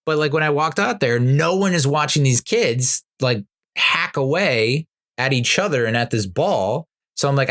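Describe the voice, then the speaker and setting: A man hosting a podcast, telling his own stories in a casual monologue and acting out quotes with big jumps in pitch. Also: moderate pace. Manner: animated, jumps up high when acting out quotes. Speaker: podcast host.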